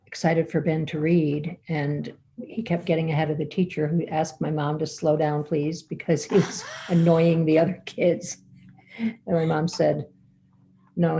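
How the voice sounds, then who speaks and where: A woman telling a personal family story to an audience, unhurried and halting, with fillers and restarts. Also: low-pitched, gravelly, mellow, rough recording.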